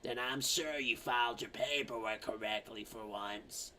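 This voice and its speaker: A man voicing a grumpy old female slug monster clerk, drawn-out and deadpan, as a cartoon impression. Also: mid-range voice, pitched below the performer's own voice. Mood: dry, sardonic.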